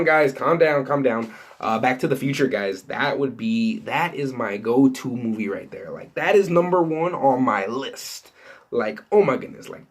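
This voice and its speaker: An entertainment news vlogger with a medium-pitched voice talks loosely to viewers about movie news, thinking out loud on camera. He rambles and restarts his sentences, filling gaps with plenty of "you know" and "like."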